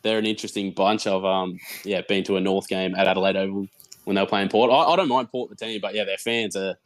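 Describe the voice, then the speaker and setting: A young Australian man, a podcast guest, chatting casually and telling animated stories, often repeating words as he goes. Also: deep voice, fast talker, no room sound. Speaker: guest, football content creator.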